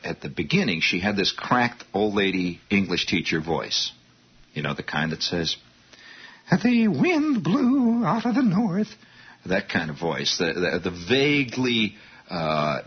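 A man's voice: deep voice, breathy edge. A man telling a rambling story, with restarts and asides to his listeners. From Indiana, US. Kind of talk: storytelling monologue. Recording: dull lo-fi recording.

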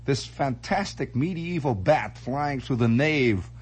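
A man's voice: mid-range voice, animated, measured pace, husky. A man hosting a radio monologue, rambling theatrically and making sound effects with his voice. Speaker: radio host. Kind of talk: late-night radio monologue. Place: radio studio.

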